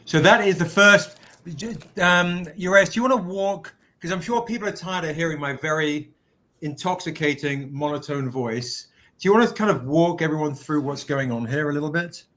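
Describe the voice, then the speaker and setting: A man's voice: a little high, normal speed, bright, forceful tone. A man hosting a live stream, chatting casually, greeting viewers by name and showing off merchandise. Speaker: livestream host. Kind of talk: casual livestream product pitch.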